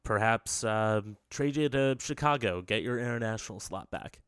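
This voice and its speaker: A male podcast co-host playing an exasperated male soccer coach in his own voice in a comedy sketch, talking haltingly with many fillers. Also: fairly low pitch, a bit bright, smooth, no echo, clean studio sound, natural voice. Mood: awkward.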